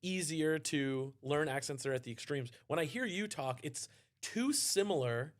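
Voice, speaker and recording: A man with a mild Australian accent giving chatty live commentary on a poker tournament, getting excited on big hands. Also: on the high side, normal speed.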